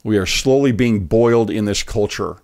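A man giving earnest, emphatic commentary on a political speech clip, pausing it to preach his point. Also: on the low side, darkish tone. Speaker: online commentator.

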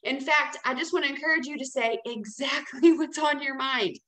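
Lady coaching her team, upbeat and chatty, kinda high voice, echoey room. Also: normal speed, fairly bright tone. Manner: chatty, encouraging, checks in with "okay?". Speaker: team leader training new sellers. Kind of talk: casual training talk.

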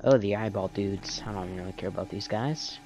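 A man's voice: lowish voice, fairly quick. A man in a put-on British accent gives rambling let's-play commentary and talks to the enemies on screen. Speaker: gamer. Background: game music.

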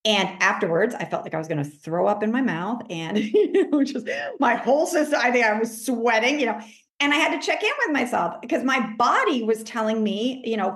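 Animated woman coach in an echoey room. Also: fairly quick. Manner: animated, acts out her inner self-talk in a higher voice. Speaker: life coach, podcast guest. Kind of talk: casual conversational interview.

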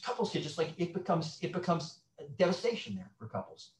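A middle-aged man speaks as a guest sex therapist, his voice on the higher side and swinging widely as he acts out little scenes. He restarts often and tells things like stories. The sound is roomy, with echo around him. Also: a little fast. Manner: animated storyteller, acts out quotes, many restarts. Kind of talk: conversational interview.

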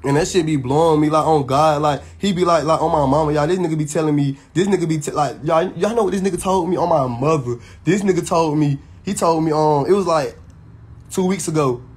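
A man's voice: fairly high pitch, fairly quick, a little mellow, husky. A man, venting heatedly and emphatically to his viewers, swearing and restarting often. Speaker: social media personality. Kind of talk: venting straight to camera.

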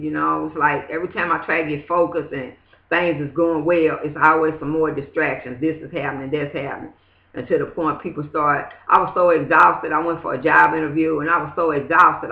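A woman's voice: sits low, fairly even intonation, fairly quick, gravelly. Rambling woman in an echoey room. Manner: rambling, full of "you know what I'm saying". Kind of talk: casual spoken testimony. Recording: echoey, dull lo-fi room sound.

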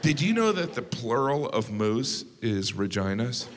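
A male stand-up comedian performing to a live audience, mixing deadpan asides with sudden high-pitched incredulous outbursts. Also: a little slow. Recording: live show with loud audience noise.

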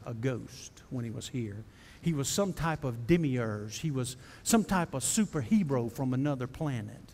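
A man preaching a sermon as pastor, folksy and direct with the congregation, building to impassioned high preaching. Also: darkish tone, long reverb tail. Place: church sanctuary.

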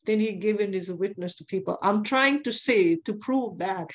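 A woman's voice: medium pitch, normal speed. A woman preaching a sermon, telling a testimony in an earnest way and repeating phrases for emphasis.

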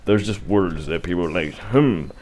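A man's voice: low-pitched, measured pace, slight background noise. A young man giving casual, rambling commentary over his own gameplay, with sarcastic asides. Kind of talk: casual let's-play commentary.

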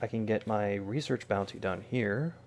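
A man's voice: on the low side, normal speed, a little mellow, a little hiss or hum. A man streaming a video game, talking to himself in a casual, wry way with joking asides. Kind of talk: casual gameplay commentary.

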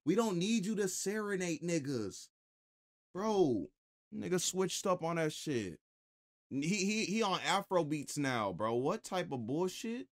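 A man's voice: high-pitched, sing-song, unhurried. A man streaming a reaction to a video, talking bluntly and mockingly with lots of profanity. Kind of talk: casual reaction commentary.

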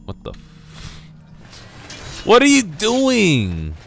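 A man casually commenting on his own gameplay, switching between excited yelps and shouts and muttered asides. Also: sits high, very slow, vocal fry, soft background music. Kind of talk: casual let's play commentary.

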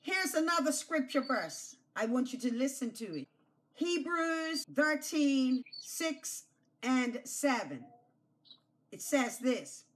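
A woman pastor giving an object lesson to children, slow and emphatic, repeating key phrases and coaxing them to say them back. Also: sits high, big pitch swings. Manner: coaxes children to repeat after her.

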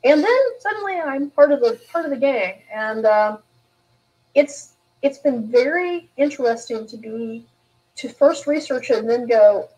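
A woman's voice: a little high, animated, a little slow, darkish tone, rough recording. A woman author in a live interview, telling candid stories in a rambling way with frequent restarts. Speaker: author guest.

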